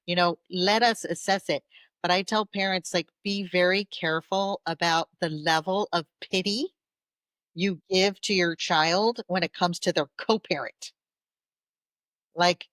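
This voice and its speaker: A woman therapist speaking as a guest in a podcast interview. She talks in an animated way, acts out the voices of parents, and often checks in with "'kay?". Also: on the low side, no room sound.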